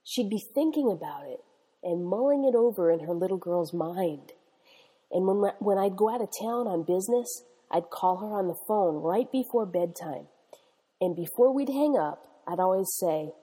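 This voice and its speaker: Middle-aged woman, sermon, emphatic, breathy, long reverb. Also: mid-range voice, animated, a little slow, mellow. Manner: emphatic, repetitive exhortation with "okay?" tags. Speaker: Bible teacher.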